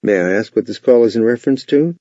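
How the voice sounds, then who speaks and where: A man's voice: fairly low pitch, fast, mellow, dry recording, close to an everyday voice. A man voicing a female executive assistant who screens calls with polite, guarded questions, in his own everyday voice. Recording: dull, lo-fi, dry sound.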